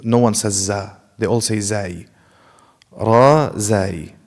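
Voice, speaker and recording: A man's voice: on the low side, steady tone, measured pace, a little mellow, long reverb tail. A man teaching a classroom lecture, explaining carefully, demonstrating sounds himself and asking the class rhetorical questions. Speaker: Quran recitation teacher. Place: mosque classroom.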